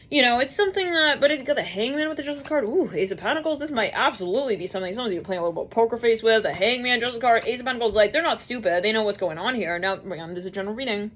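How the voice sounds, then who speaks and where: A woman giving a rambling, chatty tarot reading, full of fillers and quick acted-out quotes. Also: fairly high pitch, animated, a little hiss or hum. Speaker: tarot reader. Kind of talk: casual tarot reading monologue.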